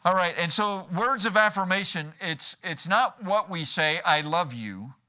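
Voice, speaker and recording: A man's voice: high voice, moderate pace, pushed and bright. A man preaching a sermon in a church, folksy and joking, acting out quoted lines as he goes. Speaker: pastor. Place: church sanctuary.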